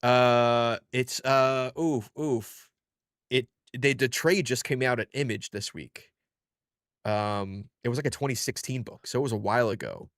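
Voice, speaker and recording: A man's voice: mid-range voice, a little slow, fairly bright tone, no room sound, clean studio sound. A man co-hosting a comics podcast, rambling in a laid-back way and swearing freely. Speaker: podcast co-host. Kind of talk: casual comics podcast chat.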